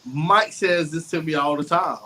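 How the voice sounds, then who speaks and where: A man's voice: on the high side, moderate pace, pushed and bright, slight background noise, poor audio. A man co-hosting a casual talk, speaking openly and reflectively about his own journey. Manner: reflective, open and candid. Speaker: co-host. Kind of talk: casual conversation on emotions.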